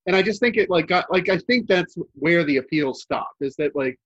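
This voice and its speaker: A young man with a somewhat high voice talks loosely on a podcast. He rambles, circles back and stacks up fillers as he thinks aloud. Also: animated, moderate pace, a bit bright, lo-fi sound. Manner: rambling, many fillers and restarts. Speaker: podcast co-host. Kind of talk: casual chat.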